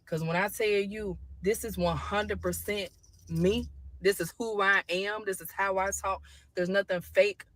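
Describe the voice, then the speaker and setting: A woman's voice: mid-range voice, steady tone, a little slow, fairly bright tone, dry recording. A woman ranting in a selfie phone video, blunt, profane and defiant, talking straight at her viewers. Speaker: social media poster. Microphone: phone with camera filter.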